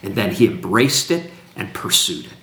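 A man's voice: on the low side, expressive, normal speed, fairly bright tone. A man speaking in a teaching conversation with emphatic, preacherly build-ups and repetition. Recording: roomy echo.

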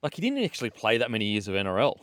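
An Australian man on a sports podcast, giving measured, thoughtful takes. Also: lowish voice, wildly swooping pitch, a bit bright, no room sound, clean studio sound. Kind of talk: casual sports chat.

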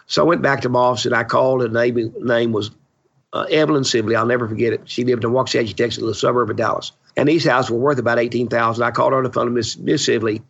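A man's voice: mid-range voice, fairly even intonation, racing, gravelly, fairly bright tone, husky. A man in his seventies, a real estate investor guesting on a podcast, telling stories in a blunt, opinionated, salty way on a dull lo-fi recording. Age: 70s. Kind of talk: storytelling interview chat.

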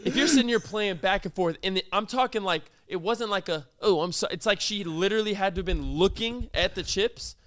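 Podcast host guy, high voice, super animated storytelling, hamming it up. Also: brisk, hardly any pauses. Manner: animated, exaggerated comic storytelling. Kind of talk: casual storytelling chat.

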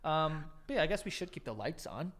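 A man's voice: a little high, big pitch swings, fairly quick, fairly bright tone. A man hosting a podcast, chatting casually and reading ads in a dry, sarcastic, offhand way. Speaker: podcast host. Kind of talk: casual podcast chat and host-read ads.

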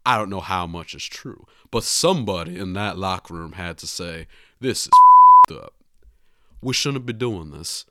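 A man putting on a drawling Southern detective voice, a grown gentleman sleuth who is sly and indignant. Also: low-pitched, expressive, normal speed, no room sound, clean studio sound. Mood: measured.

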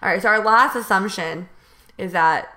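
A woman's voice: mid-range voice, moderate pace, a crowd in the background. An American woman co-hosting a podcast, rambling casually with lots of fillers. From United States. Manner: rambling, many "like" fillers and restarts. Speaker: podcast co-host. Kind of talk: casual chat.

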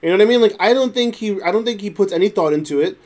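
A man co-hosting a casual wrestling recap podcast, reading results and then ranting with animated, exasperated jumps in pitch. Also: very fast. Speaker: podcast co-host.

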